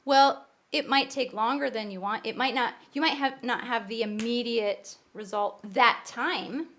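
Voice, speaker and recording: A woman's voice: fairly high pitch, a little slow, fairly bright tone. A middle-aged woman co-hosting a podcast, explaining her views earnestly and at length, often restarting her sentences. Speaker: podcast co-host. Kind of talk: casual podcast conversation.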